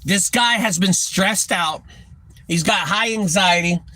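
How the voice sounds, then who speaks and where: A man's voice: sits high, unhurried, bright, forceful tone. A man with a Texan accent who owns a junk removal business, lecturing other owners in a blunt, profane rant to camera. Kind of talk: ranting talk to camera.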